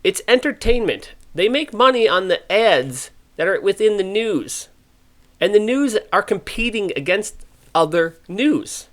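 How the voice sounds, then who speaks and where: A man hosting a podcast, talking in an animated, ranting way and acting out the voices he quotes. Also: high-pitched, unhurried. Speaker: podcast host. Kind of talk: casual podcast opinion talk.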